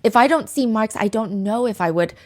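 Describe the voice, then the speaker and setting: Woman podcast host, bit high voice, chatty true crime storytelling, lots of "like". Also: a little fast. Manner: chatty, frequent "like" fillers; lively retelling with asides. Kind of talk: casual storytelling chat.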